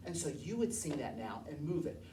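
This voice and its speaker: Low-voiced woman teaching music in an echoey room. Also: big pitch swings, a little fast. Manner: cues counts and sings scale notes aloud. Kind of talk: demonstrating a movement and singing lesson. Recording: echoey room heard from a distance.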